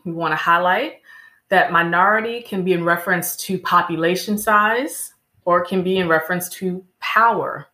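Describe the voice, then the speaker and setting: A woman's voice: on the low side, pushed and bright. A woman answering interview questions in an emphatic, lecturing way, often listing examples. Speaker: guest. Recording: echoey room.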